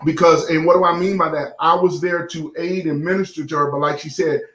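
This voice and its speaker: A middle-aged man with a fairly high voice talks like a pastor chatting with his congregation. He says y'all to the camera, stumbles through fillers and keeps it loose and folksy. The room around him rings with echo. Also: fairly even intonation, fairly quick, fairly bright tone. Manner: folksy, addresses the audience as y'all, lots of fillers. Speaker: pastor and show host. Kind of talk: casual sermon-like talk to viewers.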